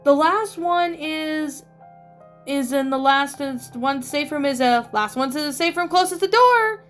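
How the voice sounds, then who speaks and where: A woman voicing a gruff, fatherly older man who survived a zombie outbreak, talking bluntly but reassuringly. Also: high voice, a little slow, faint music behind. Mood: firm.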